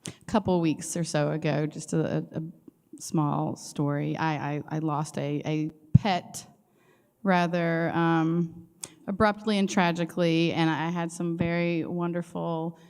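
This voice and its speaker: A woman teacher speaks in a smooth, resonant, lower voice. She talks with feeling and keeps stumbling and restarting her sentences. A long reverb from the room trails her words. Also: flat delivery, a little slow, darkish tone. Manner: emotional, stammering restarts. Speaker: weekday school teacher. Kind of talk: heartfelt personal testimony.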